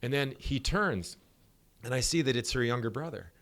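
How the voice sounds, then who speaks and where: A middle-aged man, a sport psychologist guest on a podcast interview, explaining ideas through animated stories and acting out dialogue. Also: medium pitch, normal speed.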